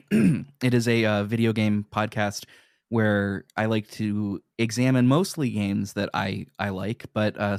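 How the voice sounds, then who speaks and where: Male podcast guest, low voice, dry close mic, rambling casual delivery. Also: smooth, dry recording. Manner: rambling, halting with many fillers. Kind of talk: casual chat.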